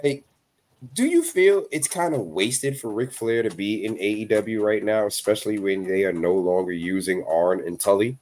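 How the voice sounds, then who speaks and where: A man's voice: fairly low pitch, normal speed, a little mellow. A man co-hosting a casual wrestling podcast, crude and profane, joking and laughing easily. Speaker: podcast co-host.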